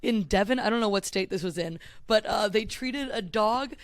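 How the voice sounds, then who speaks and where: A woman's voice: mid-range voice, moderate pace, no echo, clean studio sound. Chatty, giggly woman podcast host. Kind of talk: casual comedic chat.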